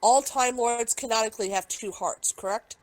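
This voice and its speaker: A woman with a fairly high voice co-hosts a chatty review podcast. She talks heatedly and fires off objections one after another, swearing freely as she goes. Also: normal speed, low-quality recording. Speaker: podcast co-host. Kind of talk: casual chat, episode review.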